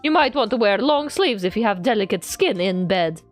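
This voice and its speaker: A woman's voice: medium pitch, expressive, normal speed, soft background music. A woman streamer reading game text aloud in a playful way with running jokes. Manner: playful, adds a running joke to every line.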